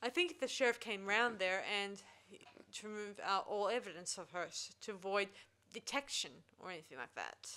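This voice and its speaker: A woman's voice: medium pitch, lively intonation, normal speed, hardly any pauses, pushed and bright. A woman hosting a film review podcast, recapping the plot in a rambling way and often restarting her sentences. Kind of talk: casual chat.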